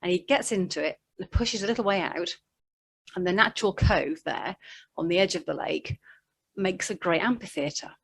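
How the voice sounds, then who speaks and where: A woman's voice: fairly low pitch, moderate pace, gravelly, husky. A woman giving a conversational sermon, telling the story in a chatty way with asides. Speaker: preacher.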